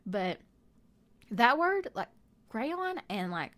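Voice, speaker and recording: A woman's voice: mid-range voice, animated, normal speed, fairly bright tone. A young woman with a Southern US accent, chatting casually and rambling off topic while narrating her game build. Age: young adult. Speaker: gaming video creator.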